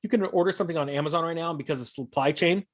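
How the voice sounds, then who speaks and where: A guest with a high-ish voice talks very fast in a casual, animated chat, acting out sarcastic imagined exchanges.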